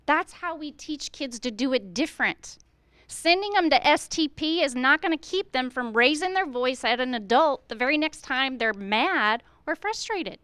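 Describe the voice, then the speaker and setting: A woman's voice: high voice, lively intonation, moderate pace, fairly bright tone, no echo. A middle-aged woman, a school administrator, speaking earnestly to fellow educators at a staff meeting, firing off rhetorical questions and acting out how teachers should talk to students.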